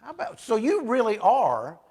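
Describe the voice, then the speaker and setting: A man's voice: very high voice, wildly swooping pitch, moderate pace, darkish tone, slightly rough. A man hosting a comedic talk show interview, joking and emphatic.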